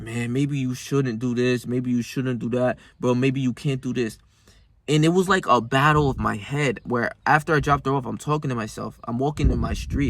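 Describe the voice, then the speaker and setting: A man's voice: mid-range voice, fairly bright tone, no echo. A young man talking straight to camera in a casual motivational monologue, rambling and emphatic, swearing often and calling the viewer bro. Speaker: self-improvement vlogger.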